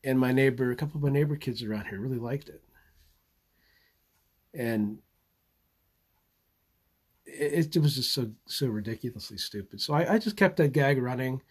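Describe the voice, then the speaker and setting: A man rambles live to his channel, stopping and restarting his sentences and repeating words as he gathers his thoughts. He chuckles now and then and keeps his tone easy and unscripted. His voice sits at a middling pitch. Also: moderate pace, pauses often, husky. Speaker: channel host. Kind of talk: casual live monologue.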